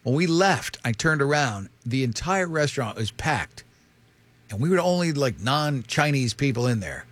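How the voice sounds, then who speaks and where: A man's voice: medium pitch, normal speed, dry recording. A male show host telling rambling stories in casual banter with his co-hosts. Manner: rambling, animated storytelling with restarts.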